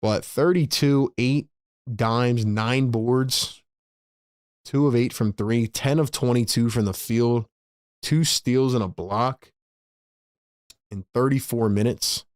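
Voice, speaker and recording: A man's voice: mid-range voice, a little mellow, smooth, no echo, clean studio sound. Chatty man calling a game live. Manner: fast, chatty, laughs often, reads viewer messages. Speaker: host and play-by-play caller. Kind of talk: live fan play-by-play and chat.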